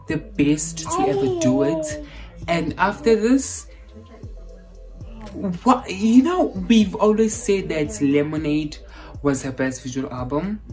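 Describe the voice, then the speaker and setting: A South African woman talks slowly in a low-pitched voice, gushing and piling up exclamations. It is a casual reaction vlog, with faint music behind her. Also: low-quality recording. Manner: effusive, gushing, repeats exclamations. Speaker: vlogger reacting to a film.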